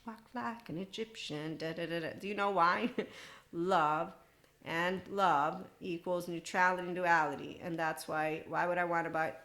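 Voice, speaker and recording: A woman's voice: fairly low pitch, steady tone, normal speed, fairly bright tone. A woman in her forties hosting a podcast, talking alone in a loose, irreverent self-help monologue with laughing asides. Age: 40s. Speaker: podcast host.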